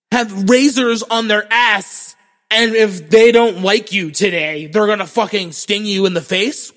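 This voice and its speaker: A man's voice: sits high, a little slow, in a large hall. A young man from Florida, telling a comic story as a podcast host, swearing freely and mocking himself. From Florida, USA. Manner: profane, animated, self-mocking. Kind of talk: comedic storytelling monologue.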